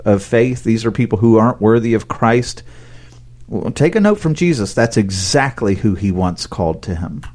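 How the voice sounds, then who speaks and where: A man co-hosting a podcast, explaining Bible stories in a relaxed, conversational way and laughing often. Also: mid-range voice. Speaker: podcast co-host. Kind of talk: casual Bible discussion.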